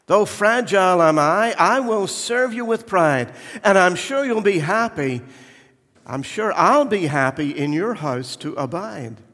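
A man's voice: high-pitched, expressive, a little slow, fairly bright tone, voice pushed up, heavily acted. A man voicing a prim, self-admiring crystal goblet in a poem read from the pulpit. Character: proud fragile crystal goblet. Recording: echoey church hall.

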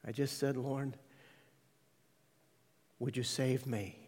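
A man preaching a sermon, telling his testimony with hushed, tender stretches and sudden loud quoted voices. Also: medium pitch, steady tone, slow pace, husky. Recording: large hall reverb.

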